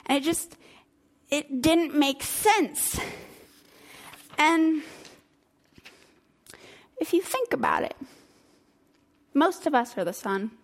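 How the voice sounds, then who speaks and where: Woman, fairly high voice, casual Bible story retelling, chatty, animated. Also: slow pace, long pauses. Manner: chatty, animated, laughs between lines.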